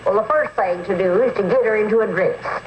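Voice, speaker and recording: A man's voice: high voice, brisk, a little hiss or hum, natural voice, low-quality recording. A man playing a plain-spoken rural man in a 1961 screen test, with a folksy country drawl. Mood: wry.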